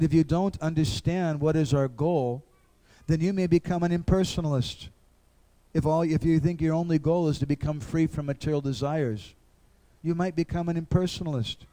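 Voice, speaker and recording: A man's voice: fairly high pitch, dark tone. A man giving an earnest devotional lecture, acting out little dialogues.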